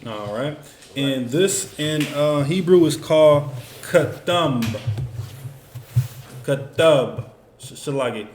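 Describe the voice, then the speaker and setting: A man's voice: a little high, expressive, unhurried, a little mellow. Man leading a class, easygoing and rambling, recorded in a reverberant room. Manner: loose, conversational, many fillers like "you know what I'm saying". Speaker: teacher. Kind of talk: casual classroom instruction. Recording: echoey room with faint noise.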